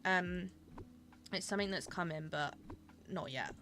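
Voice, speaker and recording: A woman's voice: fairly low pitch, very animated, moderate pace, pauses often, pushed and bright. A young woman chatting casually with her viewers while she plays and streams a game, gushing over small things.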